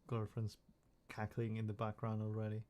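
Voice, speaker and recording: A man's voice: lowish voice, monotone, moderate pace, dark tone. A young man chatting casually on a live stream from his room, rambling and joking at himself with many restarts.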